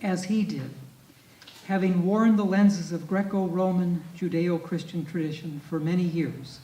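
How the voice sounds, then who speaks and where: A man reading a lecture paper aloud and reciting poetry, in a measured, deliberate way that leans on key words. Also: sits high, steady tone, mellow. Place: festival talk in a club meeting hall. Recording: echoey room from a distant mic.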